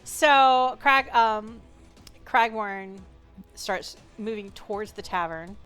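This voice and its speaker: Smooth-voiced woman running a tabletop game. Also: mid-range voice, takes it slowly, soft background music. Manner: relaxed, chatty, full of fillers and laughs. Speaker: game master.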